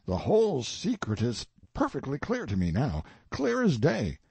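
A man's voice: mid-range voice, wildly swooping pitch, normal speed, vocal fry, darkish tone, breathy edge, no echo, exaggerated voice. A man reading the part of a grandiose, eccentric old colonel in an audiobook, declaiming solemnly and pompously. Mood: grandiloquent.

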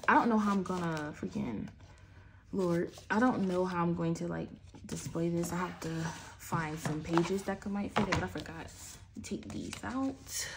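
A woman's voice: fairly low pitch, noisy background. A young woman chatting casually while unboxing, often trailing off mid-sentence. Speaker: album unboxing vlogger.

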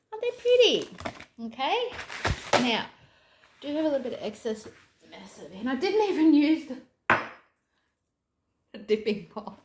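A woman's voice: fairly high pitch, background noise. A woman with an Australian accent chatting casually while making food at home, thinking aloud with self-deprecating asides. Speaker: vlogger. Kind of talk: casual cooking vlog chat. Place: home kitchen. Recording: echoey kitchen with dish clatter.

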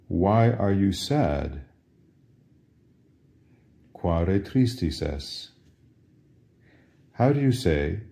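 A man with a very low voice leads a Latin lesson at a slow, unhurried pace. He asks a question and then gives the answer, patiently, again and again. His tone is dark and mellow throughout. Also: gravelly. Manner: patient, repeats each phrase as a question and answer. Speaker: Latin teacher. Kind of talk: slow drill-style language lesson.

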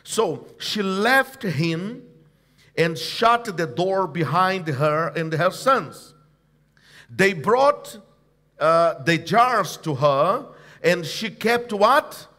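During a church service, a pastor preaches with a high voice that swings widely as he drives each point home, sounding very animated, pushed and bright. He moves slowly and deliberately, stopping to prompt the congregation to repeat after him in call-and-response style. His phrasing is emphatic and repetitive, stacking line upon line.

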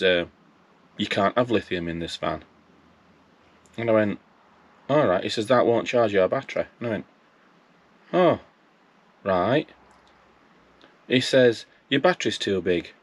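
Bloke, deep voice, rambling story about phone calls. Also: male voice. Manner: animated retelling of phone calls with quoted dialogue. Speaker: vlogger. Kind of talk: casual storytelling.

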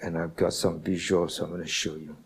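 A man preaching a sermon as senior pastor in a church, teaching slowly and asking the congregation questions. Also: low-pitched, flat delivery, breathy edge. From Singapore.

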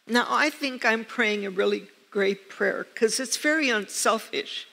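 Woman preaching slowly in an echoey church hall. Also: a little high, creaky. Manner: earnest storytelling with soft laughs. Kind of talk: sermon.

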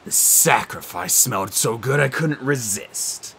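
A man voicing the sneering ghost of an ancient king, speaking slowly in a low, mocking, menacing tone. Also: animated, sharp tone, slight background noise. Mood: sneering menace.

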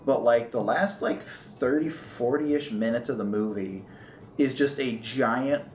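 An excitable man hosts a laid-back movie review chat, tossing in fillers and casual swearing. His mid-range voice carries a roomy echo. A faint noise sits under the recording. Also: medium pitch, a little slow. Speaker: host.

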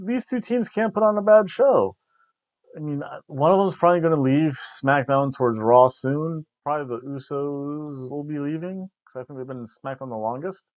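A man with a fairly high voice hosts a wrestling review podcast, rambling through casual chat full of jokes and frequent restarts. The recording is dull, lo-fi and dry, with no room sound.

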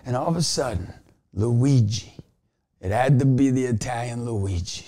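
A man coaching youth basketball gives an energetic motivational talk to camera, telling stories and breaking into shouts. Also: medium pitch, moderate pace. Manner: energetic storyteller, bursts into shouts.

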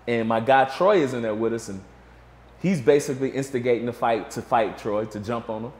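A man's voice: medium pitch, a little fast, echoey room. A man guest in a casual interview, telling a story and acting out what others said. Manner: animated storyteller, acts out quotes.

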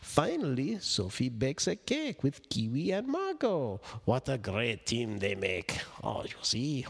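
A man with a gravelly, husky voice reads a baby's picture book slowly and theatrically. His pitch leaps and plunges all over the place, and he gasps, drops to whispers and slips in dry asides. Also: long reverb tail. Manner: theatrical, gasping, dropping to whispers and making animal noises; wry, deadpan asides to the listener. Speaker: reader of children's books. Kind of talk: playful read-aloud of a baby's board book.

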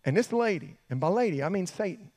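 A man telling a sermon story to students, animated, jumping between hushed asides and excited yelps. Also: sits high, fast talker. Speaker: youth pastor. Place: church hall.

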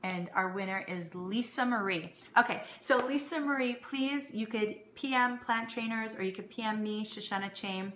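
A woman hosting a casual live stream from home, chatting warmly with viewers and thanking them. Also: medium pitch, moderate pace, few pauses, slight background noise. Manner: chatty, warm thanks to viewers, excited greetings. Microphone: phone or webcam live stream. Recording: roomy home audio with faint ambience.

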